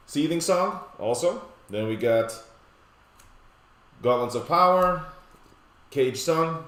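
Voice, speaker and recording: A man casually walking through a card game deck, rattling off long lists of cards with relaxed, joking asides. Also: medium pitch. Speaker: deck tech presenter. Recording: roomy echoey room.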